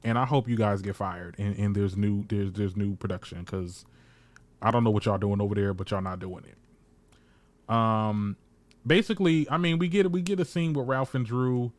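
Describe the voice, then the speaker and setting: A man's voice: on the low side, normal speed, no echo. A man recapping a reality TV episode in casual, shady commentary, swearing freely and voicing the cast in quotes. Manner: chatty, shady, swears freely, animated quoting. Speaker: reality TV reviewer.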